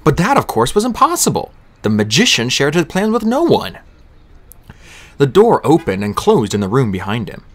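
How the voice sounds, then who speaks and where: Male audiobook narrator; animated, lively reading of a novel. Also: medium pitch, moderate pace.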